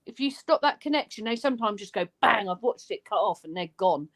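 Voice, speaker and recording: A woman's voice: medium pitch, animated, a little fast. Female co-host, blunt and earthy, casual live-stream chat. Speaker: co-host and urban explorer.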